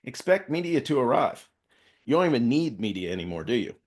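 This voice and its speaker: A man at a middle pitch, working as a safety consultant, walks a group through workplace inspection rules. He talks in a loose, conversational way and keeps checking that his listeners are with him. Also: sing-song, brisk, a little mellow. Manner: conversational, peppers points with "all right?" check-ins. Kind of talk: workplace safety training talk.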